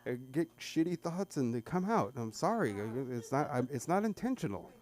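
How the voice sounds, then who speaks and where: A middle-aged man rambles through a stand-up bit, stumbling and restarting as he goes. His voice is dark and mellow, picked up by a stage microphone at a small club. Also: a little high, sing-song, normal speed. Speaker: stand-up comedian at an open mic. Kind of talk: stand-up set.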